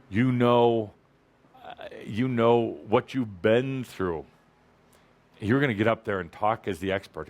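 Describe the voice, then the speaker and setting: A man giving a spiritual talk to a live audience, teasing and emphatic, jumping between loud high bursts and low asides. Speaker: spiritual teacher addressing an audience.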